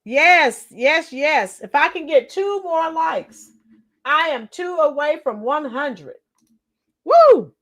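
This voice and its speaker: A hoarse woman with a high, bright voice hosts a casual livestream and greets her viewers one by one. She talks at an unhurried pace and rambles between chatter and snatches of rock songs. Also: animated. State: hoarse, lost her voice from singing. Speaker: teacher and livestream host.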